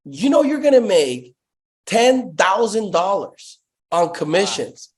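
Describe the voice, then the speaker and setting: A man's voice: sits high, lively intonation, takes it slowly. A man voicing his brash, impatient sales manager, curt and full of curses, in the middle of a casual remote interview. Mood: mocking.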